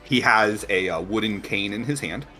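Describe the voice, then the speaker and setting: A man narrating a tabletop game as game master, halting and full of fillers. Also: fairly low pitch, pushed and bright, soft background music.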